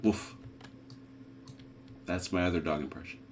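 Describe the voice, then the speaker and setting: Low-voiced man calling out dice rolls. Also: animated, moderate pace, a bit bright, slightly rough. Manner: calls dice rolls and results aloud. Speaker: game referee. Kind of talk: casual tabletop game chat.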